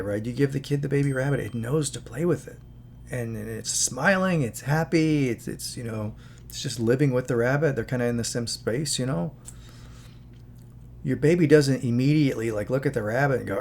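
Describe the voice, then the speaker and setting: A man's voice: medium pitch, gravelly, darkish tone. A man with an ordinary mid-range voice gives an earnest, rambling monologue, moralizing as he wanders through asides. A faint hum sits under the recording. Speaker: channel host. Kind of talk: casual spoken commentary.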